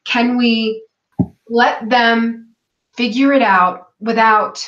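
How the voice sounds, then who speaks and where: A woman guest in a casual interview, telling a personal story in an animated way and acting out what others said. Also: fairly high pitch, very slow. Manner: animated storytelling, acts out quoted voices. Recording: echoey, dull lo-fi call audio.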